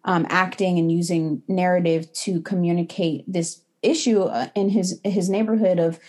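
A woman's voice: on the low side, moderate pace. A woman co-hosting a film podcast, chatting casually with plenty of fillers and restarts. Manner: relaxed, many fillers and restarts. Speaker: podcast co-host.

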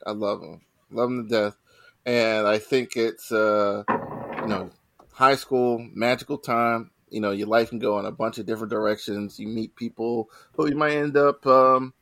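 A man in his forties talks at an easy middle pitch, loose and rambling, stopping to correct himself mid-thought. The sound is dry and close, with no room around it. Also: no room sound. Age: 40s. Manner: relaxed, rambling, self-correcting. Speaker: podcast host. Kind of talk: casual group chat.

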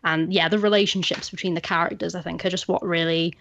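A woman's voice: lowish voice, fairly even intonation, quick pace, gravelly, a bit bright, highs cut off, slight background noise. A woman hosting a podcast, talking in a chatty, enthusiastic and thoughtful way. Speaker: podcast host. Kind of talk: casual chat.

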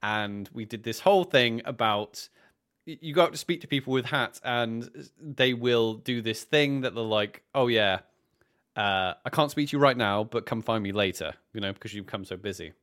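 A British man chats on a podcast, retelling a live role-play weekend with lively quoted voices and plenty of restarts. His voice sits at an ordinary middle pitch. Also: moderate pace. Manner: animated storytelling, acts out quoted characters, frequent restarts. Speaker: podcast co-host. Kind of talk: casual chat recapping a live-action role-play event.

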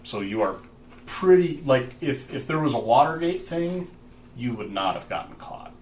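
A man's voice: medium pitch, animated, normal speed, a little mellow. A man running a tabletop game as game master, explaining rules in a loose, filler-heavy way. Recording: roomy, distant, noisy.

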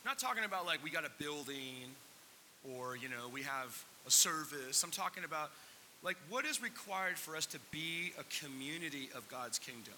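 Close to tears at moments, a pastor asks his congregation questions during a conversational sermon in a church sanctuary. His voice is on the high side, bright and forceful, with lively intonation and a normal pace; the recording has long hall reverb and slight hiss.

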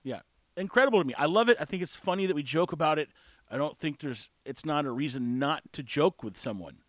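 Emphatic man with a high voice. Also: lively intonation, fairly quick, no echo. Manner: candid, emphatic, conversational. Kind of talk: casual monologue.

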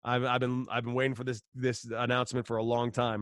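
Man, storytelling, animated, swears, acts out dialogue, dry close sound. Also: mid-range voice, fast, no room sound. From Los Angeles, United States. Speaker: former pro baseball player, guest. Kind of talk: casual storytelling interview.

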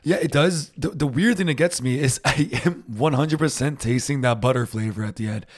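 A man's voice: mid-range voice, a little fast. Male podcast co-host, casual rambling chat, easy laughs.

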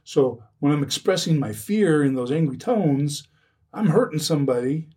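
A man's voice: on the high side, expressive, normal speed, dark tone, husky, far from the mic. A man who speaks about recovering from addiction, talking earnestly in a podcast conversation, often restarting and repeating his phrases.

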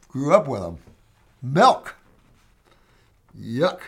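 A man with a somewhat high-pitched voice answers viewer questions in a loose, casual monologue. He is blunt and emphatic, with a folksy, talk-to-you-directly manner. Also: wildly swooping pitch, slow, pauses often, husky.

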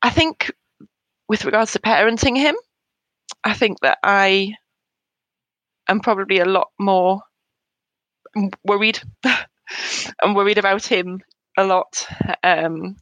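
A woman in her thirties, a bereaved mother in an interview, talking in a hesitant, halting way with soft laughs between thoughts. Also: medium pitch, no room sound, poor audio. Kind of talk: emotional personal conversation.

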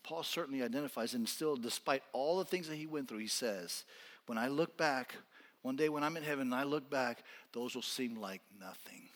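A man preaching a sermon as a pastor in a church, swinging from intense, almost shouted appeals down to quiet, soft-spoken lines. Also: mid-range voice, moderate pace, big-room sound. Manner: impassioned, rising to near-shouting then dropping quiet. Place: church sanctuary.

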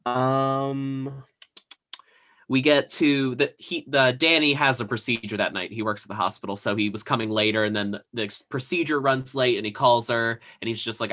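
A man's voice: medium pitch, steady tone, normal speed, sharp tone. A man co-hosting a podcast, casually recapping a TV episode with lots of fillers and asides. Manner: rambling, filler-heavy retelling. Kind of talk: casual chat.

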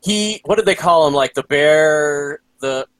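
A man in casual chat, relaxed and retelling scenes with the odd swear word. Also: on the high side, measured pace, no echo, poor audio. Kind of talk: casual chat about an anime.

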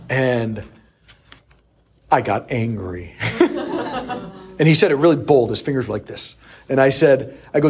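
A man preaching a sermon, telling a personal story with lively acted-out quotes. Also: medium pitch, fairly quick, pauses often. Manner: animated storyteller who acts out quoted voices. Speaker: priest.

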